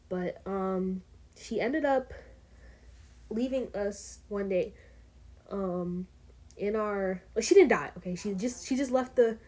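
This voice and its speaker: A teenage girl chats her way through a storytime vlog. She rambles, peppering her sentences with fillers and quick asides, and her voice sits at an ordinary pitch for her age. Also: a little mellow. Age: teens. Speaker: vlogger.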